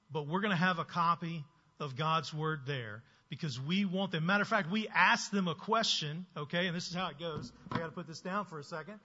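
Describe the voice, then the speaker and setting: A man's voice: fairly high pitch, bright, forceful tone. A man leading preschool ministry, giving an earnest and emphatic church presentation to the congregation. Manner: earnest, emphatic, asks the room for agreement. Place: church sanctuary. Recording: dull sound with long hall reverb.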